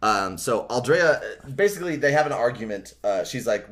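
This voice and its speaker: A man's voice: medium pitch, animated, moderate pace, hardly any pauses, fairly bright tone. A man hosting a podcast, recapping a book casually with many fillers and sometimes reading passages aloud. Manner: casual, rambling recap full of filler words.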